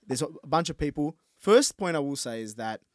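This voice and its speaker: A man's voice: fairly high pitch, expressive, fairly quick, no echo, clean studio sound. Joking Australian man chatting. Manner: self-deprecating, joking. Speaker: podcast co-host. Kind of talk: casual chat.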